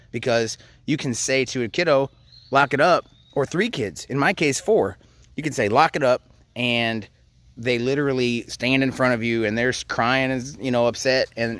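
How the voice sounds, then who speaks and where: A man's voice: medium pitch, dry recording. Frank, conversational man in his thirties. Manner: frank and conversational, with frequent hesitations. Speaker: parenting coach. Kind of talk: casual advice talk to camera.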